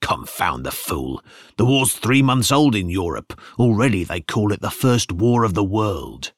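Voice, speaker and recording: A man's voice: on the low side, sing-song, a little slow, no echo, studio quality. A man voicing a proud, defiant male German commander in an audiobook, with clipped lines.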